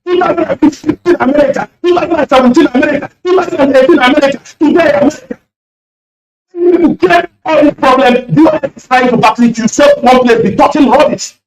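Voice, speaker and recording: A man calling in to a radio show, speaking emotionally in rapid-fire accusations and shouting at times. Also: extremely high pitch, a little hiss or hum. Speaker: caller. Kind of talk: impassioned radio call-in speech. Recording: echoey and distant line.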